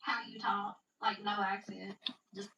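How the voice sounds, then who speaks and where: A woman's voice: medium pitch, little pitch movement, a little slow, creaky, pushed and bright, husky, highs cut off. A woman with a Southern American accent, a guest on a live stream, making dry, teasing remarks in casual chat.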